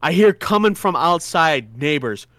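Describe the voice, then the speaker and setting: A man's voice: medium pitch, lively intonation, normal speed, fairly bright tone, clean tone, no echo. A man co-hosting a podcast, bantering and laughing with profane, joking stories into a podcast mic. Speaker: podcast co-host. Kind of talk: casual podcast chat. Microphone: podcast microphone.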